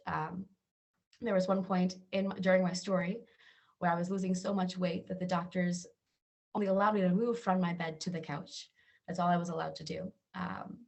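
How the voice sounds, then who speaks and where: A woman from Georgia, telling her personal health story to camera in an earnest, conversational way. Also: lowish voice. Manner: earnest storytelling, acts out quoted voices. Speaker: wellness channel host.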